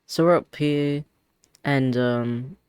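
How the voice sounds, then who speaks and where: A man's voice: medium pitch, slow, darkish tone, smooth, no room sound. A man streaming a game, telling a rambling story in casual chat with lots of restarts.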